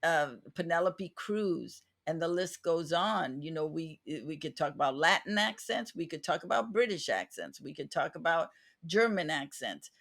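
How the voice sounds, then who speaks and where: A woman's voice: low voice, animated, normal speed, gravelly, fairly bright tone. A woman hosting a podcast interview, talking in an earnest, reflective way with frequent restarts. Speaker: podcast host. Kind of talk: casual interview chat.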